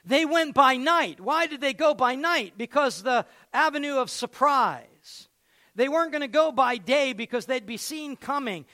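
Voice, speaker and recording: A man's voice: very high-pitched, expressive, unhurried, pushed and bright. A man preaching a sermon and retelling a story, acting out its scenes.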